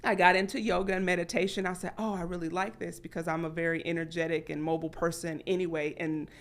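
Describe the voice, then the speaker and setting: A woman guest on a podcast, talking candidly and acting out her past thoughts with sudden jumps in pitch. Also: little pitch movement, fast talker. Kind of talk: candid conversational storytelling.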